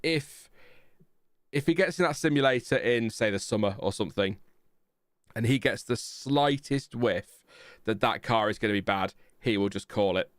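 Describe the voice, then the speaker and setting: A man's voice: mid-range voice, normal speed, dry recording, studio quality. A man hosting a live stream, reading out chat messages in a rambling, self-mocking way with many fillers. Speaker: podcast host reading chat.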